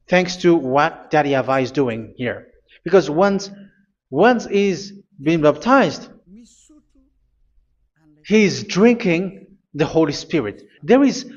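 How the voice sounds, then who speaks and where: A man preaching a sermon, reading scripture aloud, halting and repeating phrases as he goes. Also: a little high, dull audio.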